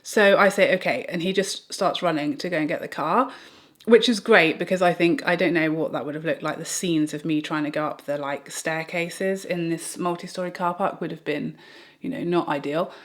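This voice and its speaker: A woman's voice: deep voice, moderate pace. Chatty British woman telling a story. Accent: British English. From Britain. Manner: rambling, animated retelling with restarts and laughs. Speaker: beauty vlogger. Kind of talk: get-ready-with-me storytime.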